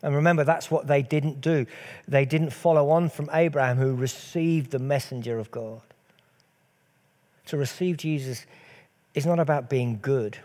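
A man with a warm, darker tone delivers a sermon. He speaks earnestly and presses his points with repeated rhetorical questions, circling back to the same phrases. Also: medium pitch, normal speed. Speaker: preacher.

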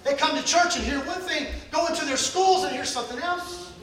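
A man preaching a sermon, swinging from shouted praise to hushed appeals as he calls out to the congregation. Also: very high voice, brisk. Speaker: pastor. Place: large church sanctuary. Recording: echoey hall from far off.

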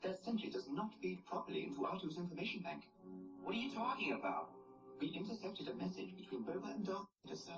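A man's voice: sits high, lively intonation, fast talker, vocal fry, pauses often, roomy sound, far from the mic. A man voicing a fussy, polite male protocol robot who speaks formally and keeps calling people sir, from a muffled old film soundtrack with music behind him. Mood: prim. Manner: formal, deferential, says sir.

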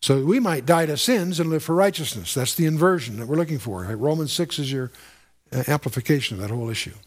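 A man's voice: fairly high pitch, lively intonation, fast talker. A man giving a verse-by-verse sermon, explaining the text earnestly, with rhetorical questions and frequent restarts. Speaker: Bible teacher.

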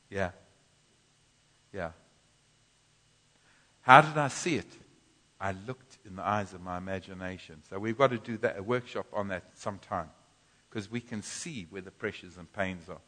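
A man preaching a sermon in a church, teaching from scripture with animated bursts of loud groaning. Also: low-pitched, a little slow, pauses often. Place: church hall. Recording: long church reverb.

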